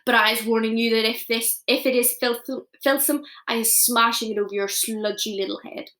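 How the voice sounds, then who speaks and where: A woman voicing a huge, greedy, menacing male giant who booms his threats in mangled words. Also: steady tone, normal speed, close to an everyday voice. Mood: gruff. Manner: loud booming threats in giant's mangled talk.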